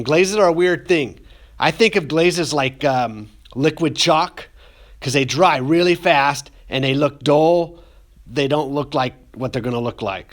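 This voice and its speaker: Casual man teaching glazing. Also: medium pitch. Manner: casual, rambling, says "getting emotional" as a joke. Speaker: ceramics teacher. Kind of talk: classroom demonstration video.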